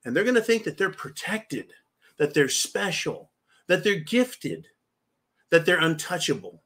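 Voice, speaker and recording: Man, high voice, vehement, swearing, political rant, commentary host. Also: sing-song, measured pace, fairly bright tone. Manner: vehement, swearing, keeps addressing "folks".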